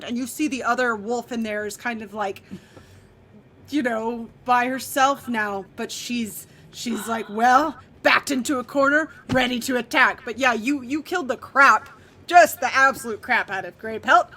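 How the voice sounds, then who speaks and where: Woman, game master, casual vivid narration, fairly high voice. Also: moderate pace, sharp tone, slight background noise.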